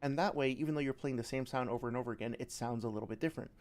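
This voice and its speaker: Male game-dev streamer, mid pitch, casual and rambling, explains with examples. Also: rapid-fire, a little mellow.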